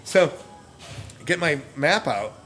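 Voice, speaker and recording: A man's voice: fairly high pitch, slow pace, soft background music. A middle-aged man telling a long, rambling story in casual chat, laughing often and correcting himself as he goes. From United States. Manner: rambling and animated, self-correcting, laughs a lot.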